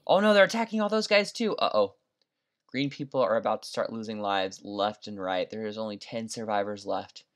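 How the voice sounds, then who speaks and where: A young man giving excitable, chatty let's-play commentary, dropping to whispers and jumping to shrieks. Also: on the low side, fairly quick. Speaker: gaming video creator.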